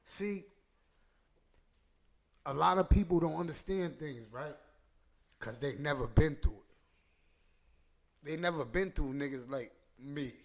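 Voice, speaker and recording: A man with a slightly high voice tells a personal story on his podcast, heavy on street slang and repeated lines. He sounds emotional and close to choking up as he talks. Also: a little slow, pauses often. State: emotional, choked up. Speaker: podcast host.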